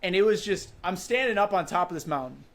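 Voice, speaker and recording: With a high-sitting voice and a quick pace, this twentysomething Wisconsin man spins a vivid story as a podcast guest. He keeps it casual, saying "like" and "you know" a lot.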